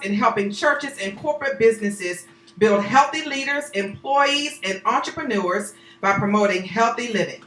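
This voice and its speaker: A woman's voice: a little high, pushed and bright, roomy sound, rough recording. A woman hosting a live talk show, exuberant and chatty, whooping and cheering as she introduces her guests in the studio on a handheld microphone.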